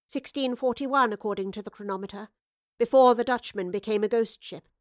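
Woman reading a quiet, learned professor. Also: fairly high pitch, dry recording, studio quality, natural voice. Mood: quiet, grave. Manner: quiet, measured, explanatory. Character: calm, learned female professor, quietly worried.

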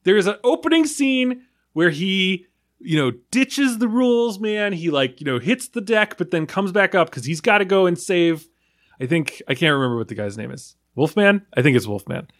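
A man's voice: sits high, lively intonation, moderate pace. A man on a film podcast who rants in a casual, rambling way with frequent swearing.

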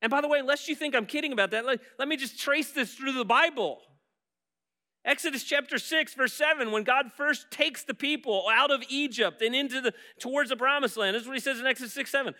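A man preaching a sermon as pastor, animated as he acts out Bible scenes and dropping soft when leading prayer. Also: very high-pitched, a little fast.

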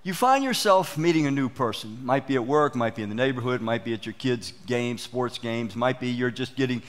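Lively man preaching a sermon. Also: medium pitch, fairly quick. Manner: animated storytelling, acts out quoted exchanges. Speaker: pastor. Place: church.

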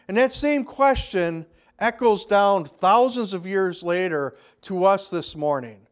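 A man's voice: high voice, slow, clear, resonant tone. A man preaching a conversational sermon, briefly acting out the people he quotes. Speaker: pastor.

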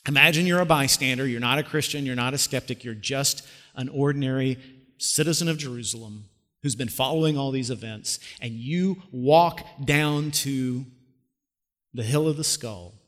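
A man's voice: mid-range voice, normal speed, a bit bright. Preacher man in a reverberant hall. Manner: storytelling preacher, conversational with rhetorical questions. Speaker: pastor. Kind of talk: sermon.

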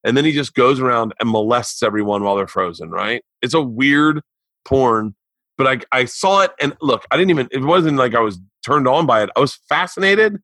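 A man in his forties hosting a casual podcast and telling stories in an animated, rambling, profane way. His voice is mid-pitched and he is recorded dry and close on the mic. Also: brisk, dry recording. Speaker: podcast host. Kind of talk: casual chat.

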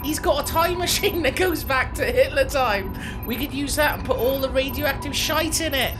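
A man's voice: very high voice, normal speed, music in the background, pitched above the performer's own voice. A man voicing a dim, chummy Scouse man named Ron in an improvised comedy sketch, rambling and matey. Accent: put-on Scouse. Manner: rambling, matey, breaks into laughter. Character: dim, chummy Liverpudlian man Ron, always on about his mate.

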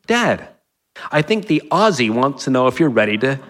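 A man's voice: medium pitch, big pitch swings, normal speed, lightly acted. A man reading a story aloud, voicing a short, bespectacled grown son who stirs trouble in an innocent-sounding tone. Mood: sly.

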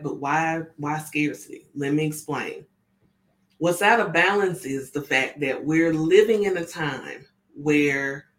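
A woman reading oracle cards in a casual live session, chatty and often checking in with her listeners. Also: deep voice. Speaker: spiritual oracle card reader. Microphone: camera on tripod with ring light.

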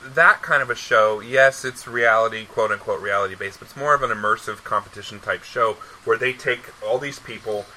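A man's voice: lowish voice, fairly quick, few pauses, pushed and bright, a little hiss or hum, rough recording. A man hosting a podcast, chatting casually and rambling, with many restarts and repeated words. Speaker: podcast host. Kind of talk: casual chat.

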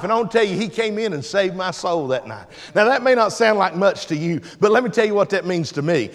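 A man preaching in a church sanctuary, his voice pitched very high for a man. He swings from hushed explanation to shouted, stretched-out lines, and a long reverb trails every phrase. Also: lively intonation. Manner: builds from quiet teaching to shouted preaching with long drawn-out phrases. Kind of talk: sermon.

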